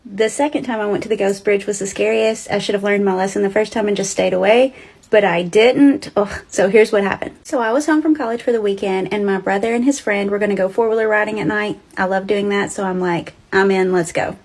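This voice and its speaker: A woman's voice: mid-range voice, fairly even intonation, brisk, darkish tone. A woman telling a ghost story in a chatty, dramatic way, talking straight to her listeners. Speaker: storyteller host.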